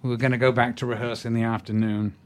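An older man from England, a guest in an interview, telling stories in an animated way. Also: medium pitch, quick pace. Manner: animated storyteller, acts out quotes. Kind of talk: anecdotal interview chat.

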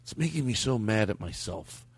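A comedy podcast host with a husky voice and vocal fry rambles at a moderate pace with lively intonation. He cuts himself off while improvising bits with his guest, sometimes bursting into high-pitched voices. There's no room sound.

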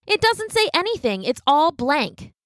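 A woman voicing an earnest, imaginative young girl who speaks in a high, insistent childlike voice. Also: sing-song, unhurried, a bit bright, dry recording, studio quality, heavily acted.

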